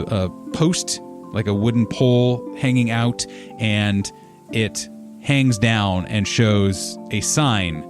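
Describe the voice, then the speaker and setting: Laid-back man narrating a tabletop game. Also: fairly low pitch. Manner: relaxed, rambling description with fillers. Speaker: game master.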